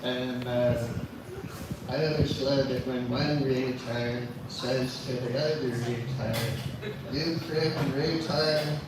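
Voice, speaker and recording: A man's voice: mid-range voice, little pitch movement, takes it slowly. A man doing a rambling open mic stand-up set, chuckling through his stories on a small coffee bar stage. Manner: meandering, laughs through his own lines. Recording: echoey bar, distant mic, noisy.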